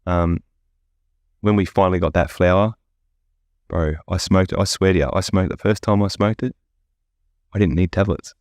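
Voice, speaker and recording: Guy, very low voice, dry close sound, candid and foul-mouthed podcast guest. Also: fairly even intonation, normal speed, pauses often, darkish tone, no room sound. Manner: blunt, profane, candid storytelling. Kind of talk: casual podcast interview.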